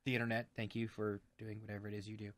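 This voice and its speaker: A young man co-hosting a casual chat show over drinks, talking in an animated way and swearing often. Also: fairly low pitch, rapid-fire, no echo. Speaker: co-host.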